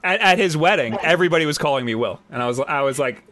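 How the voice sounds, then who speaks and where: A man from Long Island hosting a live gaming podcast, telling quick, chatty stories in casual talk. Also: on the high side, lively intonation, over a noisy crowd. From Long Island, New York. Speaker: podcast host. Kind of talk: casual chat.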